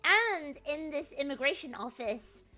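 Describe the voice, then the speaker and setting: A young woman, a streamer, rambling through an animated story with many fillers in casual chat. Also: sits high, measured pace, faint music behind. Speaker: VTuber streamer.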